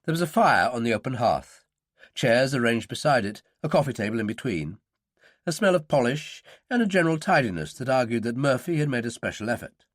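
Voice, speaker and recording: This is scripted audiobook narration: a man reads a thriller fairly quickly, voicing one character after another with lively pitch. The sound is dry and studio-clean.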